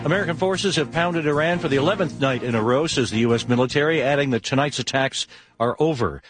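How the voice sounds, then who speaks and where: A man's voice: medium pitch, fast, over music. Male radio news anchor. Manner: crisp read news copy. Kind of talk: radio newscast. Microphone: studio mic.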